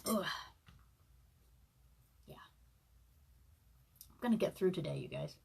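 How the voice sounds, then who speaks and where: A woman's voice: low-pitched, animated, slow, gravelly, a little mellow, slightly rough. A woman in her thirties, hungover, chatting casually on a live stream and reading from her own book, with many fillers and laughs. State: hungover, eating saltines and sipping broth.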